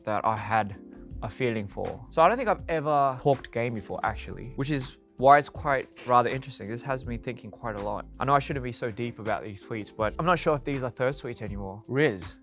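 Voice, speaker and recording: A man's voice: medium pitch, a bit bright. A man reading fan tweets aloud and reacting to them, amused and playful and laughing often.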